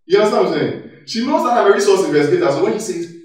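A man giving an animated workshop talk, laughing and acting out office dialogue as he goes. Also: sits high, rapid-fire, hardly any pauses. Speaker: workshop speaker. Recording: echoey hall, mic far off.

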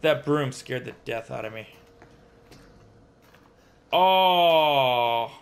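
A man's voice: medium pitch, expressive, very slow, gravelly. A young man playing a horror game and chatting to viewers. He gets jumpy and talks to himself as he plays. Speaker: gaming streamer. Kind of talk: casual let's-play commentary.

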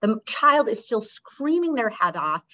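A woman's voice: a little high, sing-song, moderate pace, bright, forceful tone. A woman executive and interview guest, speaking earnestly and loosely in a conversational storytelling way, with many fillers and restarts over a video call.

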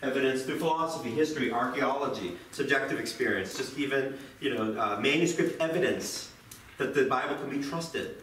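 A man teaching high schoolers in a classroom, chatty and self-deprecating, with lively jokes. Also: fairly quick, slight background noise. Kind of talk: classroom lecture. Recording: roomy, distant classroom mic.

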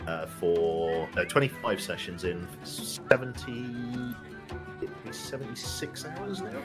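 A man's voice: deep voice, big pitch swings, slow, over music. A man chatting casually on a game stream, stumbling and restarting his sentences with fillers. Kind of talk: casual chat.

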